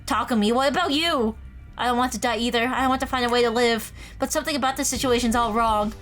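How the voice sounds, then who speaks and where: Woman reading an anxious teenage boy from a game, high and fast, flustered. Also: a bit bright, soft background music, close to an everyday voice. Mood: defensive. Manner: flustered, defensive. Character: teenage male student protagonist, anxious and defensive.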